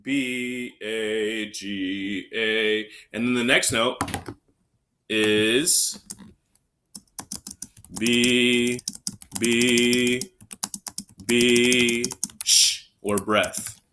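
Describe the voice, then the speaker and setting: A man with a bright, forward voice teaches young students the recorder in a video lesson. He counts them in and calls out the note names patiently, one by one. His pitch sits in the middle range for a man. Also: little pitch movement, drawn-out words, long pauses, a little hiss or hum. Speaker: music teacher.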